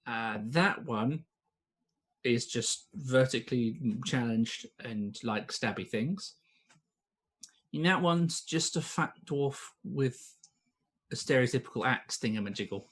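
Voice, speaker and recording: A man's voice: medium pitch, slow, a bit bright, husky. A man voicing a threatening male goblin toll robber who mocks his victims. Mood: mocking. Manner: mocking, blunt threats.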